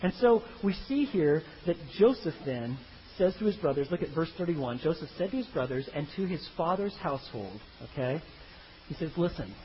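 A man preaching a sermon, animated, acting out the story in voices of its figures. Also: on the high side, moderate pace, dull audio, slight background noise. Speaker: pastor.

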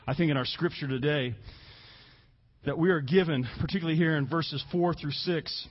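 A man preaching a sermon as pastor, earnest, stressing key words slowly and repeating himself for emphasis. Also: fairly high pitch, slightly rough, highs cut off.

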